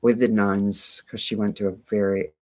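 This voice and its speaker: Extremely low-pitched and darkish, her twangy voice comes out flat at a moderate pace. She hosts a quilting channel, casually chatting live with viewers and reading their comments, laughing a lot and mocking herself.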